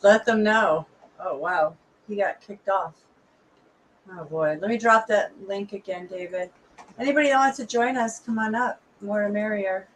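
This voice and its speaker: A woman hosts a livestream from her computer room, reacting quickly and chatting casually. Her voice comes through a video call with clear background noise. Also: mid-range voice. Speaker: livestream host. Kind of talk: casual chat. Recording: noisy video call audio.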